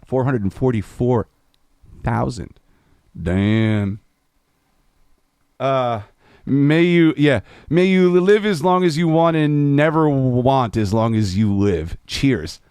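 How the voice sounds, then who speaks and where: A man's voice: mid-range voice, slow, pauses often, darkish tone, smooth, no room sound, clean studio sound. A man chatting on a live stream between folk songs, laid-back, swearing casually and laughing at his own jokes.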